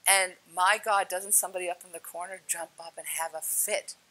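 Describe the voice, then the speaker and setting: Animated woman storyteller, bright voice. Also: lowish voice, fairly quick, poor audio. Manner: laughs often, acts out quoted lines with big swings. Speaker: speaker sharing spiritual experiences.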